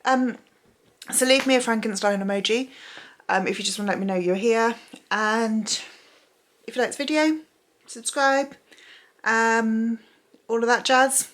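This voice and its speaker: A woman's voice: fairly high pitch, measured pace, long pauses, a bit bright. Give me a tired, chatty young woman vlogging at home at night, poking fun at herself. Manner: chatty, self-mocking, rambling. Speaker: book vlogger. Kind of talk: casual vlog chat.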